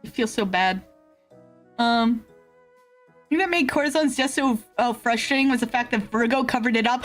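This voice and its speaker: A woman streamer chatting casually with viewers, rambling with fillers and laughs and swinging between excited yelps and low grumbles. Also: moderate pace. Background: faint background music.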